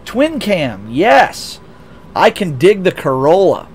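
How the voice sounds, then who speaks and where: A man's voice: high voice, wildly swooping pitch, slow, slight background noise. A young American man streaming a racing game, chatting casually and rambling with lots of restarts and self-deprecating asides. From United States. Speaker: VTuber streamer. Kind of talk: casual livestream chat, reading chat aloud.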